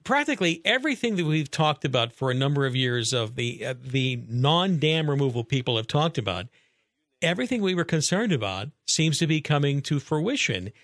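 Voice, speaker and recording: A man's voice: a little high, sing-song, fairly quick, a bit bright, no echo, studio quality. A man hosting a call-in radio talk show, emphatic and concerned, pressing pointed questions.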